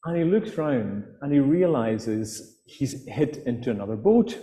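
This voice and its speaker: A man's voice: medium pitch, lively intonation, unhurried, warm tone. A man from the Outer Hebrides with a Scottish accent, telling stories to a live festival audience, hesitant with fillers and restarts. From Outer Hebrides, Scotland. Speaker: author and guest speaker. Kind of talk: storytelling talk to a live audience. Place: festival hall. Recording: reverberant hall on live mic.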